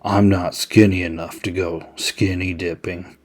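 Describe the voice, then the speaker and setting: Man doing awkward teen boy prankster, sheepish, self-pitying, low voice. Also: flat delivery, a little slow.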